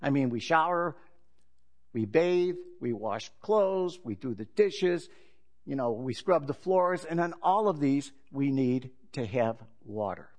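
A male pastor preaching a sermon in a relaxed, conversational storytelling manner, opening with a joke. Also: mid-range voice, takes it slowly.

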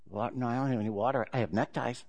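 A man putting on a calm, matter-of-fact necktie seller who is plainly unbothered. His voice drops lower and quieter, with a flat, dry delivery. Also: quick pace, close to an everyday voice.

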